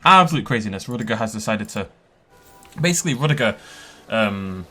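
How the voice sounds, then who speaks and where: A man giving an excitable, chatty tour of a park built in a game, laughing often as he goes. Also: lowish voice, brisk, faint music behind. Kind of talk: casual gameplay commentary.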